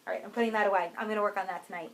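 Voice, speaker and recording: A woman co-hosting a crafts podcast in casual chat, self-deprecating and quick to laugh. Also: medium pitch, steady tone, a little hiss or hum, poor audio. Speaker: podcast co-host.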